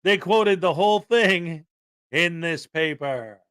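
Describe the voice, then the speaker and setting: A male co-host chatting casually and giving his opinions as he explains a case. His voice sits a bit high with a bright, forceful edge. The sound is dry and close. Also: takes it slowly, smooth, no echo. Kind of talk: casual commentary chat.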